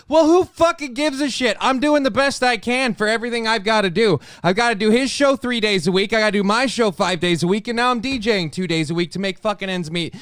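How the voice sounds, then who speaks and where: A worn-out young man rants with heavy swearing as a stream's co-host. His voice sits high and the words tumble out fast. The sound is dry and close, with no room around it. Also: a bit bright, smooth, dry recording. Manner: ranting, heavy swearing, frustrated. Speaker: co-host of a live streamed show. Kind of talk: angry venting on a live stream.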